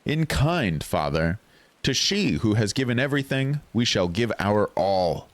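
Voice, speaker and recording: Man doing a determined dutiful son, lively steady voice, game dialogue. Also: fairly low pitch, a little slow, no echo. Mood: resolute.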